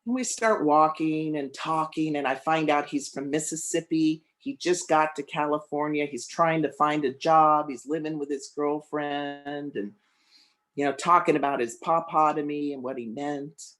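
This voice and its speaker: A man's voice: fairly high pitch, a bit bright. Man giving a heartfelt storytelling sermon. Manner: heartfelt storytelling with slow emphatic pauses. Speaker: guest speaker.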